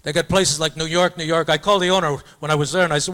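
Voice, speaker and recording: Racing along with hardly any pauses, this older comedian's fairly high, somewhat bright voice keeps a fairly even intonation. He delivers rambling stand-up stories in a high school auditorium, loosely wandering into mock-opera singing and funny voices.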